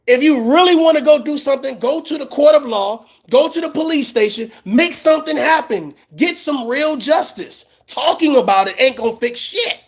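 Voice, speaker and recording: A man's voice: very high voice, expressive, normal speed, hardly any pauses. A man giving casual reaction commentary, mocking and slangy, often breaking into laughter. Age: middle-aged.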